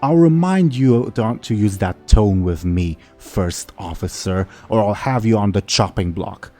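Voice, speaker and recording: A man's voice: lowish voice, expressive, a little slow, mellow, soft background music. A man doing a scornful young orc captain. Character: harsh young female orc captain, hot-headed.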